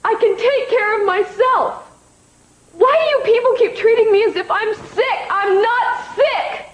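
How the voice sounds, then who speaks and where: A woman's voice: extremely high pitch, a little slow, dull audio. Kelly, a grieving fragile young woman. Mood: upset. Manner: tearful, pleading, defensive. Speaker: actor in a TV soap opera. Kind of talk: 1980s TV soap acting.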